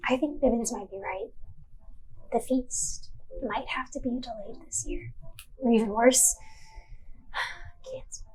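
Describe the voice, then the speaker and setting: A woman's voice: on the high side, slow pace, pauses often, darkish tone, poor audio. A woman voicing a worried, imaginative villager in a tabletop game, sighing and fretful.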